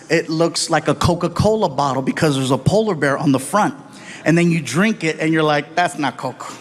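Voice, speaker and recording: A man telling stand-up stories on stage in an animated way, acting out the people in them. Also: high-pitched, background noise. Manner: animated, jumps into voices for the people in his stories. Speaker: stand-up comedian. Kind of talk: stand-up storytelling. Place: large theater stage before a laughing audience.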